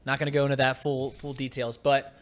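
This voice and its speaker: A man co-hosting a casual sports talk show, telling a lively story and getting loud when he acts out his rant. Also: medium pitch, brisk. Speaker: podcast co-host.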